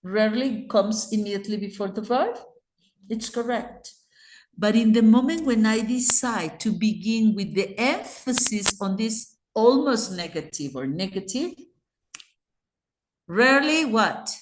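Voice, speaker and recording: A woman's voice: mid-range voice, animated, unhurried, a little mellow, roomy sound. A woman with a Mexican Spanish accent teaching English grammar in an online class, patiently explaining and checking in with her students.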